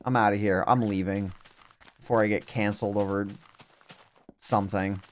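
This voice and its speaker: A man's voice: on the low side, steady tone, moderate pace, a little hiss or hum. A young adult man streaming a game live, thinking aloud in a rambling way with self-mocking asides.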